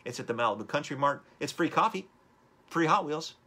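A man's voice: a little high, animated, brisk, pushed and bright. A man hosting a live-streamed motivational talk, upbeat and rambling as he urges viewers on. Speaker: host.

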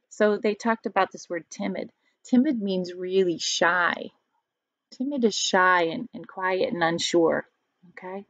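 A woman teacher reads a picture book aloud to her pupils, pausing often to explain words and ask them questions. The recording is dry and a little muffled, made close to the mic at home. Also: on the low side, fairly bright tone, no room sound.

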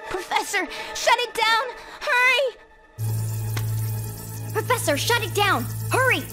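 Elora, a very high anxious young faun. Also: female voice, lively intonation, slow, heavily acted. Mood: alarmed. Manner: urgent, fearful pleading. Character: young female faun, kind-hearted and anxious. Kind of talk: video game voice acting. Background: game music.

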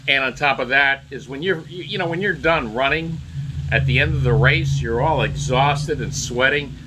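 A man giving a casual political commentary monologue, halting and repeating words as he restarts sentences. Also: medium pitch, very noisy.

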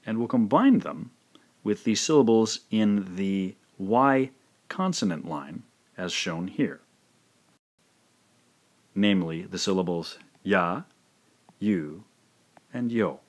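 A man with a low, animated voice teaches a language lesson in scripted instructional narration. He runs slow, careful pronunciation drills, sounding out each syllable one by one.

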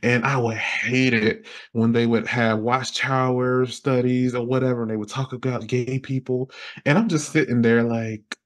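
A young man from Alabama, a podcast guest telling his story casually and acting out his younger self with lively exclamations. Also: moderate pace. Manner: animated, acts out his past self with high exclamations and laughs.

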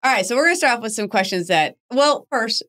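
A woman's voice: a little high, animated, fast, pushed and bright. A woman in her forties hosting a podcast, chatting casually, laughing often and poking fun at herself. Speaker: podcast host. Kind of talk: casual chat.

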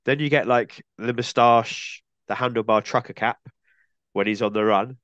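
A man's voice: medium pitch, fairly even intonation, moderate pace, fairly bright tone, no room sound, highs cut off. A man hosting a film podcast with a cold, chatting casually and often ending points with tag questions. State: has a cold. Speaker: podcast host.

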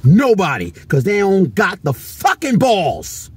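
A man's voice: sits high, huge pitch swings, takes it slowly, a little hiss or hum. A man filming a casual toy-hunting vlog on a handheld camera, swearing a lot and ranting heatedly. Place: convention floor and stores, indoors.

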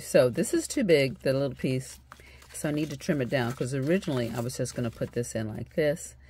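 A woman's voice: rumbling low, a little mellow, a little hiss or hum. A woman hosting a crafting video, chatting casually as she shows her journal and thinks aloud with fillers, sounding tired and yawning.

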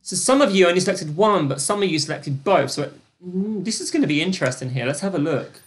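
A young British woman hosting a live-streamed trivia quiz, chatty and gossipy, with excited gasps and lots of fillers. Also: on the low side, fast, slight background noise. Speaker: quiz host.

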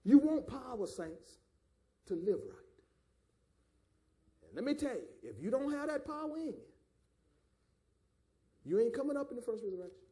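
A man with a Southern American accent preaches in a strikingly high voice. His sermon runs fiery, rising into shouts and drawing call-and-response. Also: very animated, moderate pace, pauses often. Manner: Southern preacher cadence with calls of "my God" and "do you understand". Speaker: pastor.

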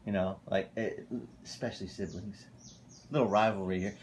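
A male pastor preaching a casual, animated sermon at a church fellowship. He often tells stories and corrects himself mid-sentence. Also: mid-range voice, moderate pace. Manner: animated, storytelling, self-correcting.

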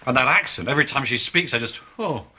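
A man's voice: medium pitch, animated, fast, slight background noise. An actor playing a neurotic, lovesick counsellor who frets and dramatizes his feelings in a studio sitcom. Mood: fretful. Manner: anxious, self-dramatizing. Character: neurotic lovesick man, overthinks everything. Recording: studio sitcom with loud audience laughter.

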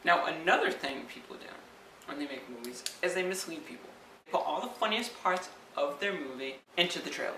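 A man's voice: on the high side, expressive, brisk. A man giving a sarcastic, ranting comedic vlog. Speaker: vlogger. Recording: echoey room, distant from mic, faint background noise.

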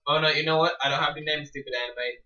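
A man's voice: a little high, fairly even intonation, fast, pushed and bright. A teenage boy joking around with a friend in front of a laptop webcam, silly and insistent. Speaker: friend on camera. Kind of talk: casual goofy chat. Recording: roomy, distant lo-fi webcam audio.

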